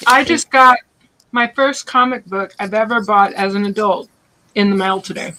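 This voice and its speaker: A chatty, joking woman guesting on a casual live stream, her voice bright and forward. She talks in loose, rambling bursts. A faint hiss sits under the recording. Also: mid-range voice, low-quality recording. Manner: chatty, jokey, quick to laugh. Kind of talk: casual chat.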